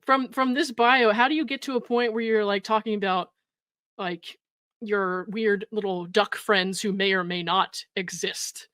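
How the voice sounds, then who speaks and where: A woman's voice: mid-range voice, fairly bright tone, no room sound. A woman hosts a reaction commentary, blunt and sarcastic, often laughing as she talks. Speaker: commentary host.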